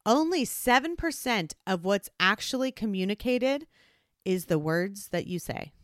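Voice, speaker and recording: A woman's voice: mid-range voice, measured pace, no echo, clean studio sound. A woman hosting a solo advice podcast, talking earnestly and acting out different tones of voice. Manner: earnest, animated, acts out tones of voice. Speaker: podcast host.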